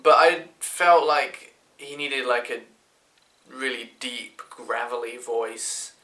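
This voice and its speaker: Speaking slowly in a mid-range voice that is bright and forceful, a man from Britain reviews a film casually. His talk rambles with fillers and restarts, and the room around him is echoey.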